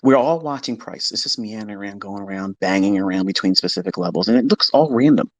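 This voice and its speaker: A man's voice: lowish voice, fast talker. Man, blunt, emphatic, profane, casual monologue, live audio stream. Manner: blunt, emphatic, swears, mimics skeptics in quoted asides. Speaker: trading educator hosting a live audio space.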